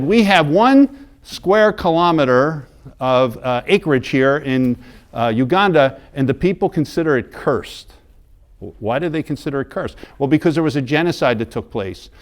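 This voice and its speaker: A man's voice: mid-range voice, clear, resonant tone. American man telling a church story. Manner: conversational, restarts and repeats words, slips into quoted voices. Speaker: mission group leader giving a parish talk. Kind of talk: storytelling talk to a church audience.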